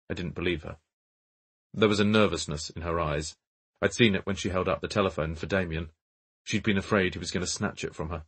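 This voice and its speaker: Brief: male audiobook narrator, low, husky, measured. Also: fairly even intonation, fairly bright tone. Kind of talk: scripted narration.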